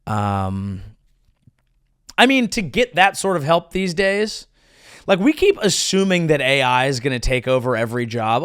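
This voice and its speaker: A male comedian hosting his own podcast, riffing crude jokes in an animated monologue on a close mic. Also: mid-range voice, a little slow, clear, resonant tone, no echo. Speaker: comedian host.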